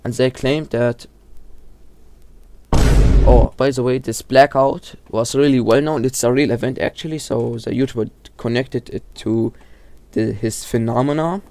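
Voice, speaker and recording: A man's voice: mid-range voice, steady tone, a little slow, mellow, a little hiss or hum. A man casually explaining horror lore, often stumbling, restarting and correcting himself, with lots of fillers. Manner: informal, filler-heavy delivery.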